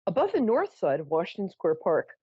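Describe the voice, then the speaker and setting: A woman's voice: fairly low pitch, wildly swooping pitch, fairly quick, breathy edge, dry recording, muffled recording. A woman hosting a psychic call-in show, telling a story in a chatty, theatrical way with self-mocking asides. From New York. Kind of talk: casual storytelling to callers.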